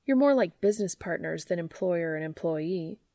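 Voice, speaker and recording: A woman voicing a calm, persuasive younger brother. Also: fairly low pitch, moderate pace, no room sound, studio quality. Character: reasonable young man, law student, younger brother.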